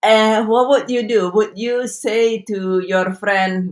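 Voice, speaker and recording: A woman's voice: mid-range voice, fairly even intonation, takes it slowly, few pauses. A woman speaking as a guest in a discussion on a video call, reflective and full of rhetorical questions. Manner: reflective, asks rhetorical questions, repeats words. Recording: echoey room sound.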